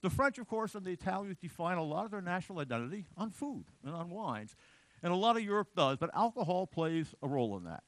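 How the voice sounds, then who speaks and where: A man giving an unscripted lecture, animated and digressive, with frequent restarts. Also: sits high, fast talker, no echo.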